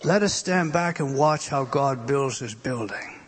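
A man preaching a sermon, moving between loud emphatic lines and hushed whispers. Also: medium pitch, a little slow, husky.

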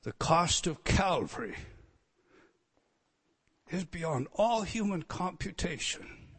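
Impassioned preacher, man, loud and soft. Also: high voice, very animated, takes it slowly, husky. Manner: swings between quiet, tender asides and loud emphatic declarations; earnest and emotional, moved nearly to tears. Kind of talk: sermon.

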